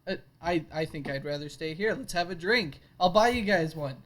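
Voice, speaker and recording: Playful, higher-voiced male player. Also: expressive, moderate pace, a bit bright. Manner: playful and giggly, often laughing. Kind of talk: tabletop role-play.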